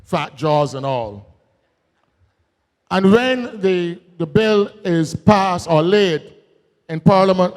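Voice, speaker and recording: A man with a Barbadian accent giving a political rally speech, folksy and joking, then building to shouted emphasis. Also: high-pitched. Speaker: political speaker. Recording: long hall reverb.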